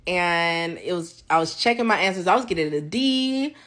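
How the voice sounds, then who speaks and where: A young woman vlogging a casual faith testimony, animated and acting out her conversations with God. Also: lowish voice, moderate pace.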